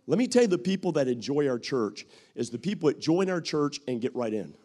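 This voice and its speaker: A man preaching a sermon as pastor, acting out what people say and rising to shouts at his peaks. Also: on the high side, very animated, brisk.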